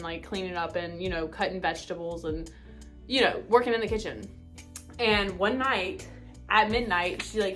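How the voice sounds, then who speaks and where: A young woman in her twenties chatting casually about books she read, gushing and talking faster as she gets excited. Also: medium pitch. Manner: bubbly, gushing, full of fillers; speeds up when excited. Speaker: book vlogger. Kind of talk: casual chat.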